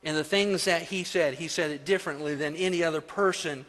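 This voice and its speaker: A man preaching a sermon, building to loud, emphatic peaks and then dropping to soft, slow phrases. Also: fairly high pitch. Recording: long hall reverb.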